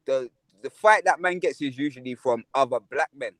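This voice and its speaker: A man's voice: mid-range voice, moderate pace, fairly bright tone, no echo. Reflective London man, dry close sound. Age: middle-aged. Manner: reflective, storytelling, says innit. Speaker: panelist. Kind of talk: casual panel chat.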